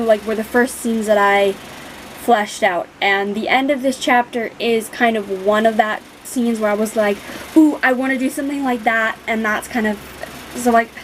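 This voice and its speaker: A woman's voice: a little high, slight background noise, poor audio. A young woman vlogging casually, rambling with many fillers and free swearing. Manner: emotional, near tears. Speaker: book vlogger. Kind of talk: casual vlog talk.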